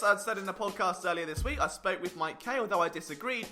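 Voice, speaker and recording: A man with a very high, sharp, ringing voice hosts a sports breakdown on camera, his pitch leaping all over as he rants. He sounds sarcastic and exasperated, and faint music plays low behind him. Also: animated. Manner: sarcastic, exasperated, fast restarts when worked up. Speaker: sports vlog host. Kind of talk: animated rant-style sports analysis. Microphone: on-camera mic.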